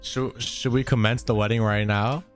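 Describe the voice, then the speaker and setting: A man's voice: medium pitch, steady tone, moderate pace, faint music behind. A man co-hosting a podcast in casual chat, joking and teasing. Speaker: podcast co-host.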